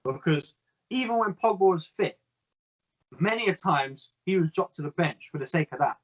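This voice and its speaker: Brief: young man, fairly high voice, calm analysis with a frustrated edge. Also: low-quality recording. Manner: measured, analytical, exasperated. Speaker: co-host. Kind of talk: casual football chat.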